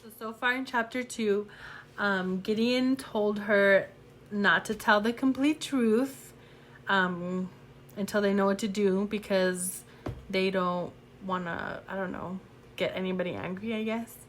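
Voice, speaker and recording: A woman's voice: mid-range voice, a little slow, a bit bright, a little hiss or hum. A young adult woman talks casually about a book she is reading, gushing about it and filling her talk with "like" and "you know.". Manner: chatty and gushing, many fillers. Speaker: book reviewer. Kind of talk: casual chat.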